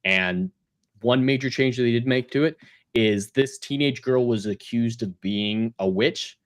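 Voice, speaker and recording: A man hosting a casual live review panel, opinionated and quick to mock, who slips into little character voices when retelling scenes. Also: mid-range voice. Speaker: show host and panel critic.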